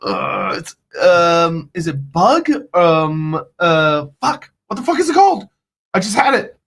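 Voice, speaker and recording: A high-voiced American man co-hosting a casual live stream. He reads out viewer questions, stumbles over fillers and swears offhandedly while searching for words. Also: very animated, slow pace, a bit bright. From United States. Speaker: podcast co-host reading chat questions.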